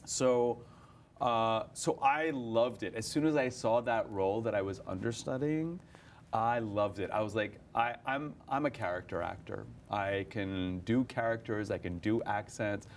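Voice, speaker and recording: A young man, an actor, chatting in an interview about his stage roles, animated, often laughing and restarting his sentences. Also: lowish voice, a little slow, slight background noise. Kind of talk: casual interview chat.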